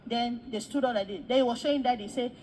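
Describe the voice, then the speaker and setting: High-voiced woman preacher telling a vision. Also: fast, a little hiss or hum, poor audio. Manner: animated storytelling, acts out quoted dialogue; repeats words for emphasis. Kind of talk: testimony sermon recounting a vision.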